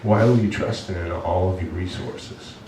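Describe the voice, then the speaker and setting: A quiet, gentle voice of God, put on by a man asks searching questions in a low tone. The sound is roomy and distant, as if heard from the back of a hall. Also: normal speed, background noise, natural voice.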